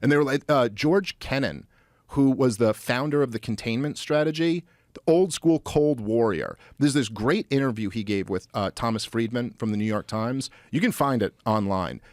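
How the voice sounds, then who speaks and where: Animated man talking politics, dry mic. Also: medium pitch, moderate pace, dry recording. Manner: animated, many fillers and restarts. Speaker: podcast guest. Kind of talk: casual political talk.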